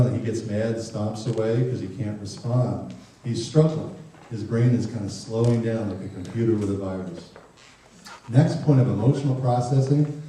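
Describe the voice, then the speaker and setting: A man lecturing parents with a dark, mellow voice, joking and acting out little scenes between parents and teens. He is recorded from a distance in a roomy, echoing hall, with faint ambient noise behind him. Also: mid-range voice. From Ireland. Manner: jokey, acts out parents and teens in quick voices. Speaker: speaker giving a parenting talk. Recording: far, echoey hall recording.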